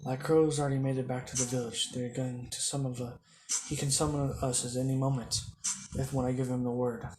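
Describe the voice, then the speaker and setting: A man's voice: medium pitch, flat delivery, fairly quick, hardly any pauses, darkish tone, a little hiss or hum, rough recording. A man improvising a fan story, rambling and correcting himself as he chains quotes together with "he goes.". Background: music.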